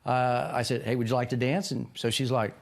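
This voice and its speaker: A man in his sixties, a podcast guest, tells a rambling personal story in a casual interview and acts out quoted lines in a sudden higher voice. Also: steady tone, brisk, creaky. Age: 60s.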